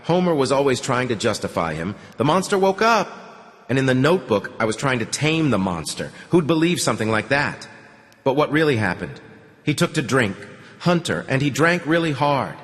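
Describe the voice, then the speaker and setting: A man's voice: mid-range voice, sing-song, moderate pace, fairly bright tone, long reverb tail. A male audiobook narrator voicing a weary young woman who talks in blunt, bitter, short sentences. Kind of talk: audiobook dialogue reading.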